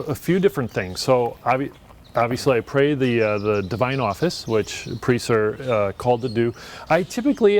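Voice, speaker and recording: A man of middle pitch, a priest, speaks in an easy, conversational way. He is earnest and reflective and loops back to restart his thoughts. A faint hiss of noise sits under the voice. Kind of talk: casual conversation.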